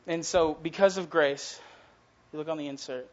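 A man's voice: a little high, fairly even intonation, normal speed, muffled recording. A young man in his twenties preaching a casual, earnest sermon that swells into passionate emphasis. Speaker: youth preacher.

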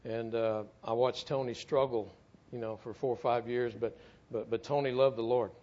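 A man's voice: medium pitch, fairly even intonation, normal speed, warm tone, lo-fi sound. A middle-aged man tells a story in a sermon, speaking earnestly and often repeating words as he goes. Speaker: church speaker, former firefighter.

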